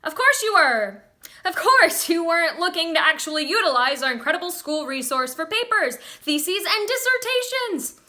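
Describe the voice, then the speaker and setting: A woman reading the part of an eager, touchy, bookish young man with a pushy, loud manner. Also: very high voice, big pitch swings, normal speed, voice pushed up, heavily acted. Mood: indignant. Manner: pushy, then loudly indignant.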